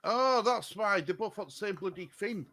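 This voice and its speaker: Male co-host, casual and chatty, flustered; high, bright, dry sound. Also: lively intonation, normal speed, dry recording. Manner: flustered by tech, chatty with viewers. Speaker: stream co-host. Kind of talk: casual live-stream chat.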